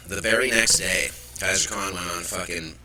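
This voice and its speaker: A man's voice: sits low, fairly even intonation, a little slow, bright, forceful tone, rough recording. A man hosting a live show, ranting with profanity and irritation about the news. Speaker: host. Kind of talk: live political commentary.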